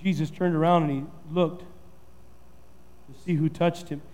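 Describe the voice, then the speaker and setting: A man pastor delivers a sermon in a high, ringing voice. He drives points home by repeating phrases and building emphasis. The sound carries the long reverb of a church hall. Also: steady tone, takes it slowly, a little mellow. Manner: preaching with rising emphasis and repetition.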